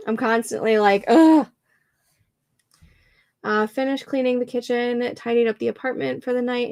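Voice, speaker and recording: A woman's voice: fairly high pitch, creaky. A young woman hosting a writing livestream, chatting casually and laughing often as she reads out comments from viewers. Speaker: livestream host.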